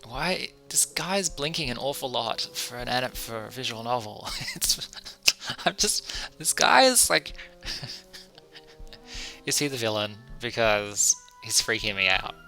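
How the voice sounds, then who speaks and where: A man's voice: medium pitch, big pitch swings, slow pace, vocal fry, sharp tone, soft background music, low-quality recording. A man reading a visual novel aloud, mixing the narration with amused asides about what he sees on screen. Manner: reads narration then breaks off for amused asides. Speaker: streamer playing a visual novel.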